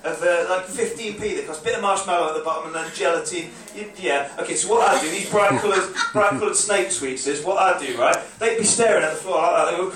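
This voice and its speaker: A man tells a rambling stand-up story and bursts into shouted voices of drunk clubbers. His voice sits high, and the phone that picked him up sat far off in a club so echoey that his words ring around the room. A faint hum of the crowd and the room lies under it. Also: fairly quick, hardly any pauses. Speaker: stand-up comedian. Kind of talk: stand-up comedy set. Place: comedy club stage, live audience. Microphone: phone recording from the audience.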